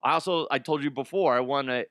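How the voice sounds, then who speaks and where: A male podcast host in his forties, from Colorado, rants casually about odd news and swears freely. His voice sits at an ordinary male pitch and is recorded on a close mic in a dry, dead room. He laughs easily while chatting. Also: quick pace, a bit bright, dry recording. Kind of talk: casual profane comedic rant.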